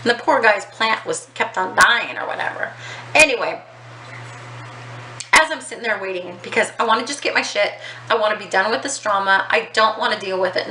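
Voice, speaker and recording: A woman with a bright, forceful voice tells a rambling personal story in casual vlog style. She swears freely and fills her talk with ums and likes. The recording is echoey, with faint outdoor noise behind her. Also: mid-range voice, a little fast. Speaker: vlogger.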